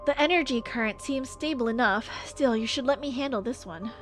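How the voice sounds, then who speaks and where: Brisk young tech, practical, high and light; a woman voices her live. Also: soft background music, natural voice. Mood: focused. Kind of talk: live voice acting of game dialogue.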